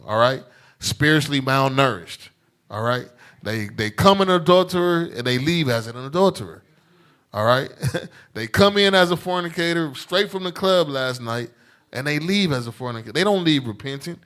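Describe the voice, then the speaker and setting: A man leads a Bible class in an emphatic preaching style. He repeats his points for weight and keeps asking the room "all right?" His voice sits at a middle pitch. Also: a bit bright. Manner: emphatic, repetitive, calls for responses, tag questions. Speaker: teacher leading a scripture class.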